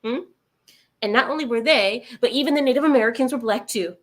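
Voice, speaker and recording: A woman's voice: fairly high pitch, fast, fairly bright tone. A woman hosting a livestream, reading viewer comments aloud and answering them in a sarcastic, laughing way. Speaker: livestream host reading chat.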